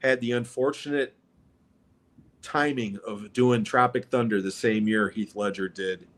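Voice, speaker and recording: A man's voice: lowish voice, steady tone, unhurried, a bit bright. A man co-hosting a casual movie podcast, giving blunt opinions and swearing freely. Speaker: co-host.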